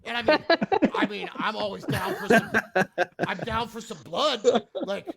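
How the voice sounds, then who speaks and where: A man's voice: high-pitched, lively intonation, a little slow, creaky, crowd noise, voice pushed up, full character voice. A man voicing a laid-back, foul-mouthed male bugbear who swears constantly while scolding people. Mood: exasperated.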